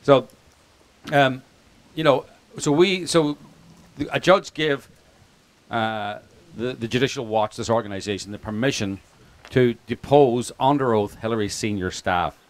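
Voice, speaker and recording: A man's voice: mid-range voice, unhurried, pauses often. A man with an Irish accent, a documentary filmmaker speaking informally to an audience, rambling and joking with many restarts and asides. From Ireland. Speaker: documentary filmmaker giving a speech. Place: outdoor picnic gathering.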